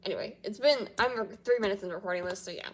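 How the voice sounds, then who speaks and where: A woman's voice: mid-range voice, very fast. Rambling woman vlogger, giddy and chatty. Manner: rambling, many fillers and restarts, giddy. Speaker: reaction channel host. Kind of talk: rambling casual chat to camera. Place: small echoey room at home. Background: faint household noise, dog in background.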